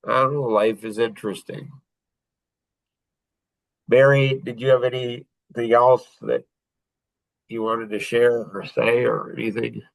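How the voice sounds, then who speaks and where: A man speaks slowly and thoughtfully as he shares a personal story, often pausing and restarting his sentences. His voice sits at an ordinary pitch, and the recording is close and dry with no room sound. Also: steady tone, vocal fry, no room sound, low-quality recording. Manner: reflective and halting, many pauses and restarts. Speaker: podcast host.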